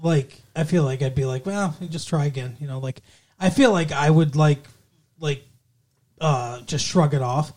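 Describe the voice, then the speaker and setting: A man's voice: on the high side, measured pace, a little mellow. Wry joking man podcast co-host. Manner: joking, wry, swears casually. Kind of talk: casual chat recapping a TV episode.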